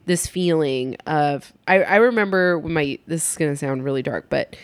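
A woman's voice: deep voice, normal speed, dry recording. A middle-aged woman talking frankly in casual chat, with blunt, candid storytelling and loose fillers.

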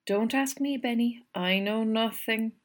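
A woman voicing a cheerful young orphaned kitchen maid who talks in a brisk, homely, teasing way. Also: a little high, pitched above the performer's own voice, natural voice. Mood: brisk, fond.

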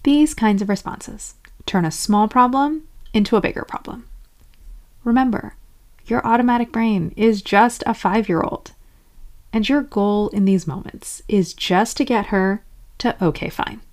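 Woman, self-help host, scripted explainer narration, animated quoted asides. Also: mid-range voice, a little slow. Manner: acts out inner-voice examples in lively quoted asides.

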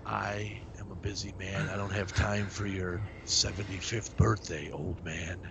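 A man doing a comedic impression of a menacing aging action star, in a low hushed gravelly mumble with deadpan tough-guy threats. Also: measured pace. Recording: muffled recording with loud background noise.

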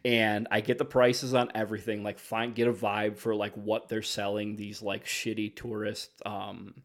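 A man's voice: on the low side, little pitch movement, normal speed. A man co-hosting a podcast, telling rambling travel stories in casual chat and mocking himself. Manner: rambling storyteller, self-mocking. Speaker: podcast co-host.

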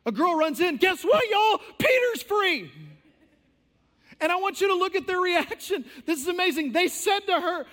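High-voiced pastor preaching. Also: male voice, fairly quick, few pauses, fairly bright tone. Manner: impassioned, storytelling, with conversational asides. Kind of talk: sermon. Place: church sanctuary. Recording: long church hall reverb.

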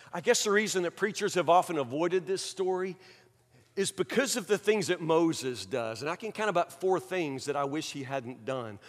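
High-voiced preacher in a reverberant hall. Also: male voice. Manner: dramatic, acts out excuses in mocking voices, swings from loud to hushed. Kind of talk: sermon.

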